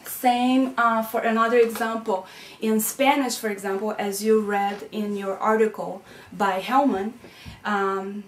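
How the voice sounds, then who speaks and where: A woman gives a lecture at an unhurried pace, stopping often to check that the class follows her. She is recorded from a little way off, and the room gives her voice a noticeable echo. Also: mid-range voice, slight background noise. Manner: patient, explanatory, frequent "okay?" and "right?" checks. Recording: echoey room, mic at a distance.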